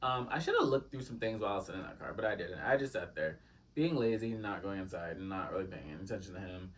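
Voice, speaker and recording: A young man telling a casual, gossipy story time, full of "like" fillers and animated quoted exchanges. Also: deep voice, fast talker, distant mic.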